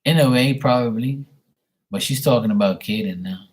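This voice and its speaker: A man's voice: mid-range voice, normal speed. A young man doing a live tarot reading on camera, relaying messages in a rambling way full of fillers. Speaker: tarot reader. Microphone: webcam at desk.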